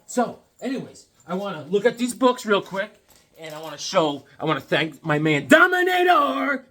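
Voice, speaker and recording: Male comic vlogger, high and lively voice, joking and rambling. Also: slightly rough. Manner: joking, rambling, animated riffing. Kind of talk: comedic casual monologue.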